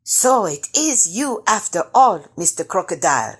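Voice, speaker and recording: Cheeky trickster rabbit guy, high and teasing, slightly husky, woman reading it. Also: sing-song, unhurried. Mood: mocking.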